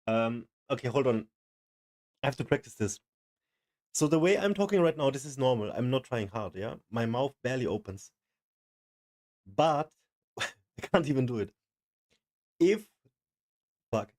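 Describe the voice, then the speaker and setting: Man, streamer, casual reaction, excitable, mid-pitched. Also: a little slow, long pauses. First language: German. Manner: casual, excitable, trying things out.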